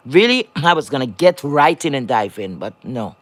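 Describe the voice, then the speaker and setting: A woman's voice: a bass voice, very animated, normal speed, few pauses, fairly bright tone. A woman moderating a livestream chat, lecturing and scolding viewers in a blunt, profane rant.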